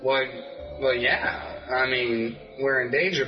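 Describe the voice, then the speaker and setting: A man co-hosting a talk show, ranting in a heated, profane comedic way that climbs into yelling. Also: medium pitch, slow, highs cut off, music in the background. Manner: heated, swearing, builds to shouting.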